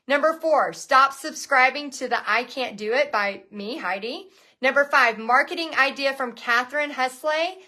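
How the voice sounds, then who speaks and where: A woman's voice: high voice, pushed and bright. A woman hosting a live painting lesson and business coaching session, chatting in a bubbly, gushing way.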